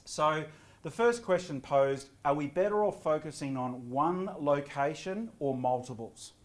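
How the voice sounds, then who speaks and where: A middle-aged man giving a property investment seminar to a live audience, lively and often quizzing the crowd. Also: fairly high pitch. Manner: energetic, quizzes the audience with quick questions.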